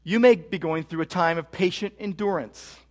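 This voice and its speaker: A man's voice: high-pitched, normal speed, darkish tone. A man preaching a sermon as pastor, emphatic and repeating key phrases for stress. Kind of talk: expository sermon.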